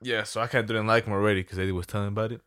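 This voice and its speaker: A man with a fairly low voice talks in a loose, slangy way, full of swearing and retold dialogue. He sits close to a dry mic with no room sound. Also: steady tone, very fast, a bit bright, smooth, no room sound. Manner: loose, slangy and profane, tells stories with quoted dialogue. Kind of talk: casual chat.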